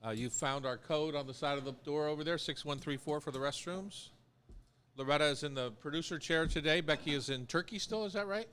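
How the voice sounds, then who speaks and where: A man's voice: a little high, brisk, fairly bright tone, smooth. A man hosting a live radio show in a studio, chatting casually and rambling with fillers. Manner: rambling, easygoing, with many fillers.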